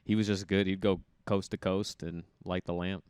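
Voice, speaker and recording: A man in his thirties tells stories in a relaxed interview. His voice is smooth and resonant and sits on the low side. He animates his anecdotes by acting out the people in them, recorded close and dry. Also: moderate pace, no room sound. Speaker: guest, former college hockey player. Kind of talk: casual storytelling interview.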